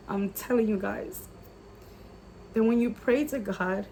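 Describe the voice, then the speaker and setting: An earnest woman recounts a personal faith testimony to her viewers in a casual vlog. She sounds emotional, leans on "like" constantly and drops in the odd Spanish phrase. Her voice sits at a middle pitch over a faint background hiss. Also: slow, long pauses, dark tone. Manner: earnest and emotional, many "like" fillers. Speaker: YouTuber sharing a faith testimony.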